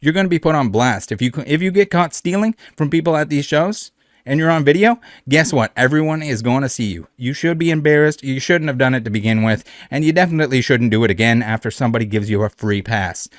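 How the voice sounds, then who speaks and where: A male host narrates a reaction commentary with blunt indignation and frequent swearing. His voice sits in a middle pitch. The recording is dry, with no room sound. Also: fast talker, no room sound. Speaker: channel host.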